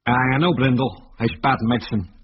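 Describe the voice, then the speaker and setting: A man doing a gruff old Scots prospector. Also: medium pitch, steady tone, natural voice. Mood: gruff homely. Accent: Scottish (put on). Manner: slow, drawling, folksy. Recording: dull lo-fi radio recording with faint hiss.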